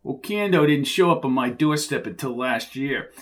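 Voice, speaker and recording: A man voicing an older silver-haired mob boss with a Rhode Island accent, speaking in a measured, quietly threatening way. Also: mid-range voice, lively intonation, natural voice. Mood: cool menace.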